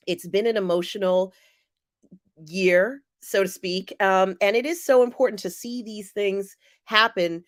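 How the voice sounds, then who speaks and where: A woman hosting a live stream, reading viewer comments aloud and answering them in a chatty way with many pauses and fillers. She sounds teary and emotional. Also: medium pitch, dry recording, studio quality. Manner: warm, chatty, often pausing with fillers. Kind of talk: casual live-chat commentary.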